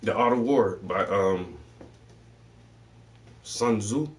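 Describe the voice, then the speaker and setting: A man's voice: fairly low pitch, slow, recorded from a distance, slight background noise. A man hosting a casual chat, telling stories loosely with lots of swearing and slang. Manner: loose, swearing storyteller voicing people in his stories. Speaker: host.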